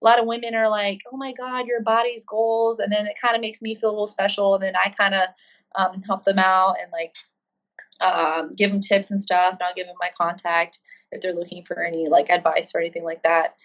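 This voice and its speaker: A woman's voice: medium pitch, little pitch movement, fairly quick, a bit bright. Chatty woman on a dull remote line. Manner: chatty, lots of ums and likes. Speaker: guest, Marine and CrossFit coach. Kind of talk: casual interview answers. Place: living in Australia.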